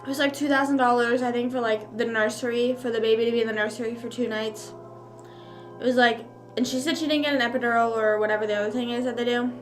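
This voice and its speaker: A young woman rambles through a casual mukbang chat, heavy on fillers and talking around bites of food. Her voice sits a little high for a woman. Soft music plays faintly underneath. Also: steady tone, quick pace. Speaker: streamer.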